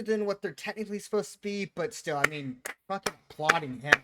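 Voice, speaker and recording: A man raised in Italy giving casual, opinionated reaction commentary, animated and quick to laugh. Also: high voice, very noisy. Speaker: reaction video host.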